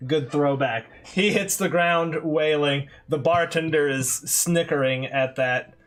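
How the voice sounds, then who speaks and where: Man as game master, slightly high and very bright, animated, laughing through narration. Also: slow pace. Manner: animated, laughing, acting out characters.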